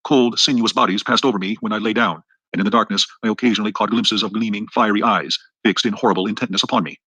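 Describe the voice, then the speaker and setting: Male audiobook narrator, fast and husky, brisk even storytelling. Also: lowish voice, no room sound, lo-fi sound. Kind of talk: scripted narration.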